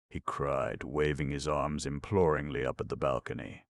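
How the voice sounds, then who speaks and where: Brief: male audiobook narrator, very low and gravelly, animated delivery. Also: moderate pace, hardly any pauses, dry recording, clean studio sound. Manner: lively, animated reading with character voices. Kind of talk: storybook narration.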